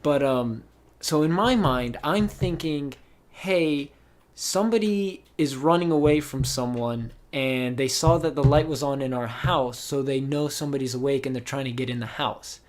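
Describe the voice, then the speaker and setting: A young male podcast host speaks in a mid-range voice at a moderate pace, telling stories in a casual, laid-back chat. He rambles, with lots of ums, fillers and restarts. The audio comes from a voice call.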